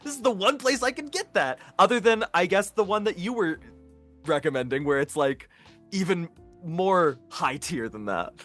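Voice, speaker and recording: A man's voice: high voice, expressive, normal speed, fairly bright tone, faint music behind. A man chatting casually on a virtual convention panel, swearing freely and laughing often. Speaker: voice actor panel guest. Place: online video call.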